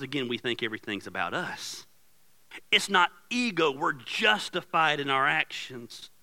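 Lively, bright-voiced pastor telling a story. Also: male voice, on the high side, poor audio. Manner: animated storytelling, acts out his wife's yelling. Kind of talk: sermon. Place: church sanctuary. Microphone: handheld or headset microphone.

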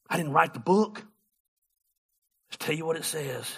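A man preaching a sermon as a pastor, telling a story in an animated, humorous way. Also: fairly high pitch, a little fast, vocal fry, pauses often, slightly rough.

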